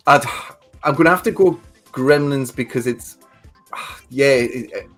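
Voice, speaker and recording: A man's voice: mid-range voice, unhurried, fairly bright tone, faint music behind. A man in his forties co-hosting a livestream, telling stories in a chatty, casual way and swearing freely. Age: 40s. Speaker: livestream co-host. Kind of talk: casual chat.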